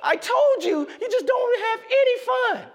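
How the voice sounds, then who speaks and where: A man voicing his young son as a whiny, stubborn little boy who protests loudly in a high shouting wail. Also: animated, unhurried, vocal fry, exaggerated voice. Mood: whining protest.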